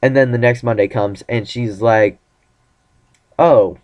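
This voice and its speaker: A man's voice: medium pitch, steady tone, a little slow, darkish tone. A teenage boy vlogging casually about his relationship, rambling and acting out the lines of the conversations he retells. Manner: rambling, acts out quoted dialogue. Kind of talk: casual personal vlog.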